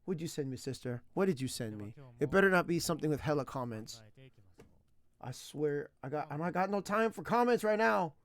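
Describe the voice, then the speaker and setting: A man chatting casually on a stream while learning a language, rambling and excitable, laughing often and using slang. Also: on the high side, a little fast.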